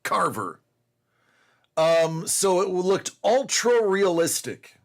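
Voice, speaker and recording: Guy in his 40s rambling through a story, slow and unhurried, pitch jumps all over, lots of ums. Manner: rambling, animated storyteller with many fillers. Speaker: host of a collecting show. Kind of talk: casual storytelling to a live chat.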